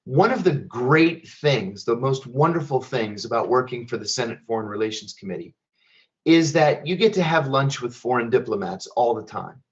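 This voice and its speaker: A man's voice: medium pitch, animated, moderate pace, muffled recording. Plainspoken man telling a story. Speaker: guest speaker. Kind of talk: first-person storytelling. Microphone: online event stream.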